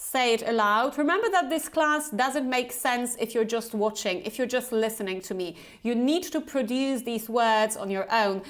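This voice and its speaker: A woman with a light Polish accent teaching English pronunciation, slowly modelling each word twice for the learner to repeat. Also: on the high side. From Poland. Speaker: Business English pronunciation trainer. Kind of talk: pronunciation lesson with repeat-after-me drills.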